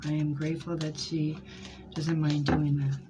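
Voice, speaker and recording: A woman's voice: sits low, little pitch movement, moderate pace, background noise. A woman giving a live tarot reading to her viewers, emotional and rambling as she talks through each card and calls people by name. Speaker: tarot reader.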